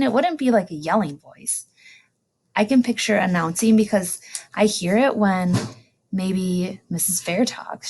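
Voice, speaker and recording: Woman teacher talking slow to little kids, bit of fry in her voice, repeats every word and gets all excited about them. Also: medium pitch, a little hiss or hum. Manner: slow and clear, stressing and repeating each new word; animated, with delighted exclamations. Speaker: elementary school teacher. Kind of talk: recorded lesson for young students.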